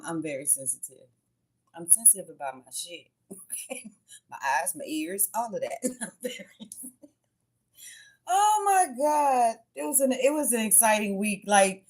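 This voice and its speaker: Frank, cussing woman telling a story. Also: mid-range voice. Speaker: tarot channel host. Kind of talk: casual livestream chat.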